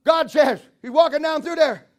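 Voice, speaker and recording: A man preaching a lively, joking sermon in a very high voice. He tells stories in a folksy way, breaks into chuckles at his own jokes and acts out the voices of the people in them. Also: moderate pace. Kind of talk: humorous sermon.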